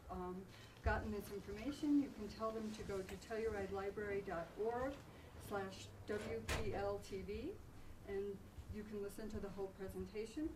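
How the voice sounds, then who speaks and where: A woman hosting an evening event, reading announcements and introducing a speaker in a plain, slightly halting way. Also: mid-range voice. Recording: distant mic with audible room noise.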